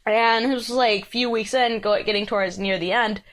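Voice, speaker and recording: A young woman co-hosting a podcast, telling a story in a casual, animated way, swearing and acting out what people said. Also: fairly high pitch, fairly quick, rough recording. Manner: animated, acts out quoted voices, swears. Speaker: podcast co-host.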